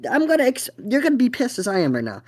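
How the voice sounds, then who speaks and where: Young man, podcast host, swearing, animated storytelling, swooping lively pitch. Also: rapid-fire. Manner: animated, profane, excitable storytelling.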